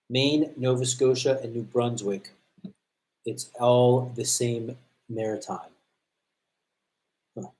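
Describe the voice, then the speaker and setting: A man's voice: mid-range voice, dark tone. An American man hosting a livestream, chatting and telling stories in a blunt, profane way. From United States. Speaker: livestream host, combatives trainer. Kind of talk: casual livestream chat. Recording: roomy echo.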